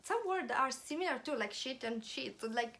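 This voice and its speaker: A woman's voice: high-pitched, animated, quick pace, a bit bright. A young woman in her twenties with an Italian accent, chatting casually in English as a second language, giggly and searching for words. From Italy. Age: 20s. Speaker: guest. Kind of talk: casual chat.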